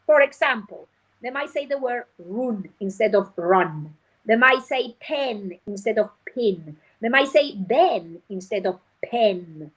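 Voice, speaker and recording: A woman phonics teacher trainer, a guest on a show, explaining her methods in a lively way and acting out classroom scenes. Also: on the high side, takes it slowly, rough recording. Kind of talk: animated teaching talk.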